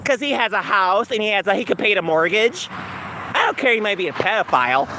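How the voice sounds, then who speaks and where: A man voicing an indifferent, unbothered married mother in a flat, offhand way. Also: sits high, brisk, background noise. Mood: dismissive. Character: indifferent married mother, middle-aged woman. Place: outdoors on a city street.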